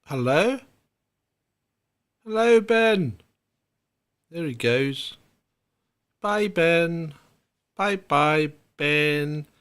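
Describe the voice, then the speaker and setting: Slow-talking host man. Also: fairly high pitch, a bit bright. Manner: chatty, unhurried, talks to viewers. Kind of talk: casual chat.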